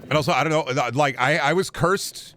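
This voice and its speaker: A man's voice: fairly high pitch, fairly quick, bright, forceful tone. A young adult man chatting casually on a gaming livestream, rambling and joking with lots of swearing. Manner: rambling, profane, jokey. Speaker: gaming streamer.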